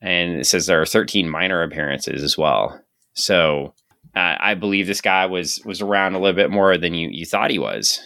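A man co-hosting a podcast about comic books, talking casually, sarcastic and quick to laugh. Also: low-pitched, vocal fry, sharp tone, no echo. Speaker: podcast co-host. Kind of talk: casual comic book chat.

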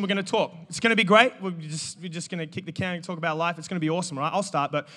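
A man, preaching an energetic sermon and joking with the congregation. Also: high voice, rapid-fire, few pauses. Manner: animated, joking, calls out to the congregation. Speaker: pastor. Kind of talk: energetic sermon with audience banter.

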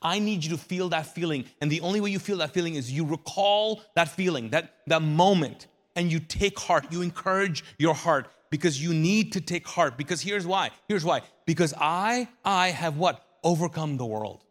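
High-voiced pastor preaching in a reverberant hall. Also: male voice, moderate pace, hardly any pauses. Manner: conversational, asks the crowd rhetorical questions. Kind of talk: sermon.

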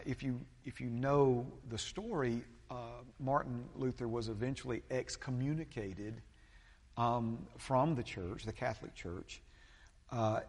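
A man, a pastor preaching a sermon, talking haltingly with many fillers and restarts. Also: mid-range voice, big-room sound.

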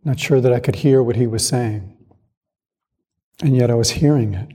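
A man giving a calm, reflective dharma talk as a Zen monastic teacher, speaking in a measured way with pauses. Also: medium pitch, husky. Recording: long hall reverb.

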